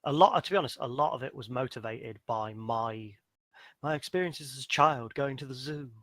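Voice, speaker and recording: A man in a casual podcast chat, talking as the game master who ran the session. He rambles in an animated way with plenty of fillers. His voice sits at a middle pitch, and the recording is dry and close. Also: normal speed, no room sound.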